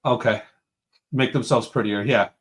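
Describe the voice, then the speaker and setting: A man's voice: medium pitch, fairly even intonation, moderate pace. Upbeat male live-stream host. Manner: upbeat, greets chat viewers one by one. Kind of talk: casual live-stream chat. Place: home room with a computer.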